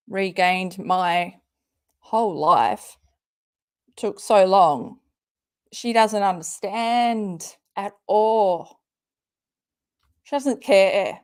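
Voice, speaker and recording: Reading tweets out on her live commentary stream, this woman fires back with furious, profanity-laced sarcasm. She's the channel's host, and her voice sits on the low side with a darkish tone.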